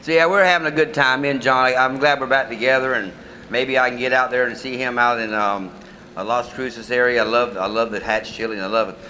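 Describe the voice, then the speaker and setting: A man's voice: medium pitch, steady tone, a little fast, sharp tone, a little hiss or hum. An older man from Florida, chatting on a festival cooking stage in a folksy, joking way. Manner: folksy, joking, laughs easily. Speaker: chef guest. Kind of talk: casual stage chat.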